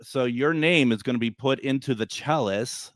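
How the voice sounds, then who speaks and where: A man's voice: mid-range voice, dry recording, studio quality. A man hosting a casual livestream chat, joking and laughing a lot. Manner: jokey, laughs a lot, puts on quick voices for friends. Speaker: host.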